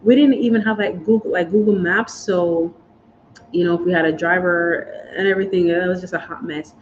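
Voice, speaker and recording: Woman vlogger, lowish voice, casual heartfelt chat, muffled lo-fi sound, faint background noise. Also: fairly even intonation, fairly quick. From United States. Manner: chatty and emotional, says y'all and guys.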